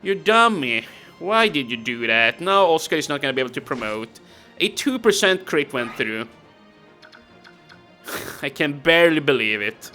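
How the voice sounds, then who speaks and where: A man giving casual let's-play commentary, chatty and talking to himself as he plays. His voice is bright and forceful. Faint game music runs in the background. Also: mid-range voice, animated, normal speed, long pauses. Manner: casual, exasperated, talks to himself. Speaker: gaming video host.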